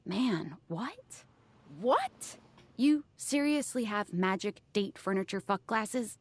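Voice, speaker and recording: A woman's voice: mid-range voice, animated, takes it slowly. An actress voicing a chatty, teasing young woman friend in a video game, hungry for gossip and incredulous at what she hears.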